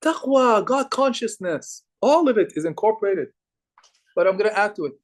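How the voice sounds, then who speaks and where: A young man giving a lively religious lecture to a live group, asking the audience questions and repeating phrases for emphasis. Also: high voice, normal speed. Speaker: religious teacher.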